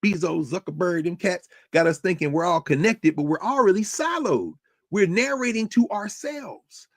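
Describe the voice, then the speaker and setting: A man's voice: high voice, lively intonation, normal speed, no room sound, clean studio sound. A man hosting a podcast, delivering a rhetorical spoken essay with a preacherly cadence. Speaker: podcast host.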